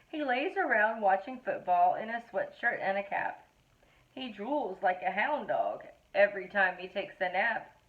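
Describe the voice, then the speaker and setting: Animated woman reading children's verse aloud. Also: mid-range voice. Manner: playful, animated storytelling delivery. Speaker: reader of a children's poetry book. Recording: tinny phone-like audio.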